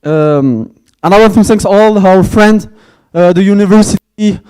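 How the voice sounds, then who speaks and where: A man with a French accent, a native French speaker, giving a hesitant opening speech at a conference and thanking sponsors, with many pauses and fillers. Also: sits high, a little mellow, clean tone. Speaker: conference organizer. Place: conference hall.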